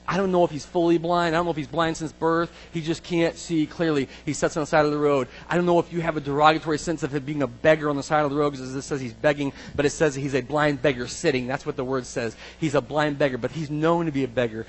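A man preaching a sermon, dramatic, acting out scripture voices and swinging between hushed lines and shouts. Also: a little high, poor audio.

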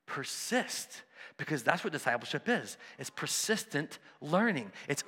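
A man preaching a sermon, conversational and animated, acting out the voices of people in his stories. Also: sits high, normal speed, big-room sound. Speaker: pastor.

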